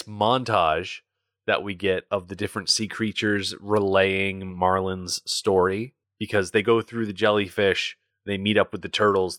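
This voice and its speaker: Low-voiced man chatting casually. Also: fairly bright tone, dry recording, clean studio sound. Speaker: podcast co-host. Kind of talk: casual movie discussion chat.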